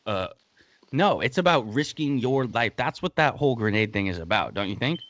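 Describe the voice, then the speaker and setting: A man's voice: medium pitch, animated, a little fast, a bit bright, no room sound. A man hosting a casual podcast, breaking down a TV episode in a heated, blunt way and swearing freely. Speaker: podcast host.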